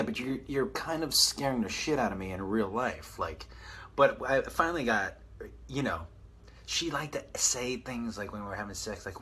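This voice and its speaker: A man in his forties tells rambling, self-mocking stories on a live stream. His voice is bright and lively, rising and falling a lot. It has a husky edge. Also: fairly low pitch, normal speed. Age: 40s. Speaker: podcast host on a live stream. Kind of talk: casual storytelling and reading viewer comments.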